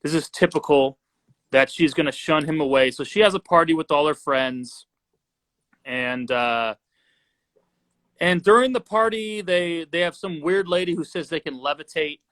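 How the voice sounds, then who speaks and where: A man co-hosting a casual horror movie chat, recapping the plot in a relaxed, slangy way. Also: fairly high pitch, moderate pace. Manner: laid-back, lots of "bro" and "like", laughs easily. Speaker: horror movie discussion co-host. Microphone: live social video stream.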